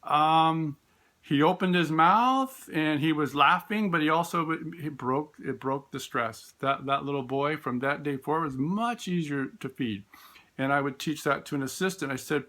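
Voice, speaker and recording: A man, a special education teacher, telling classroom stories in a relaxed, storytelling way. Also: fairly high pitch, moderate pace. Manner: warm storytelling, acts out voices in quotes; frequent fillers and restarts. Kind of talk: informal talk with classroom stories.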